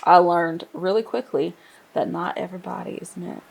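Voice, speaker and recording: Low gravelly woman telling her story. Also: moderate pace. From Nigeria. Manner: lively, laughs often, acts out quoted voices. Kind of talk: casual storytelling interview.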